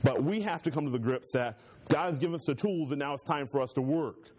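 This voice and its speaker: A man's voice: fairly high pitch, brisk, darkish tone, slightly rough. A male pastor teaching a church Bible class in a conversational, joking way, using homey stories to make his points.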